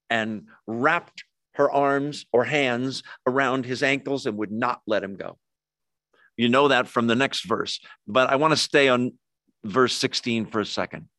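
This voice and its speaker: A man preaching a sermon as a pastor, swinging between emphatic lines and hushed ones. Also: medium pitch, no echo.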